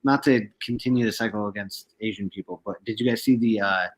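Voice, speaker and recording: A man's voice: fairly low pitch, fast, poor audio. A man co-hosting a casual podcast chat, telling rambling, profane stories. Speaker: podcast co-host.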